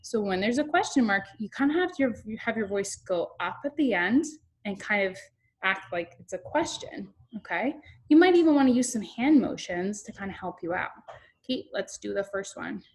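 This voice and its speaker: Animated kindergarten teacher, a young woman. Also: medium pitch, normal speed, slightly rough. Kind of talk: online class lesson.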